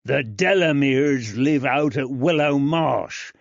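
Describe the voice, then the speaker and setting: A man narrating an audiobook, voicing a nervous, rough-spoken jailer who talks bluntly and slowly. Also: mid-range voice, no echo, pitched above the performer's own voice. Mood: threatening. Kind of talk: audiobook character voice. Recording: dry, slightly dull.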